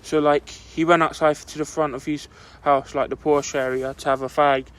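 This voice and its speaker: A young man co-hosting a podcast rambles through a long story in casual chat, saying "like" constantly. His voice is fairly high and fairly bright, with a level tone and normal speed.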